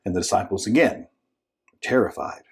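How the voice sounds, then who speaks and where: A man's voice: sits low, lively intonation, moderate pace, vocal fry, husky. A male minister giving an informal devotional talk, telling a story conversationally with many asides and restarts, and acting out the voices in it. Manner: conversational storytelling, acts out voices with sudden shouts and whispers; frequent restarts and filler asides.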